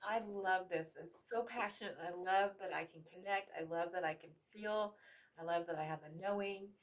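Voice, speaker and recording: Emotional tarot reader woman, low-pitched. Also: moderate pace. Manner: emotional, repetitive, swears casually. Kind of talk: tarot reading.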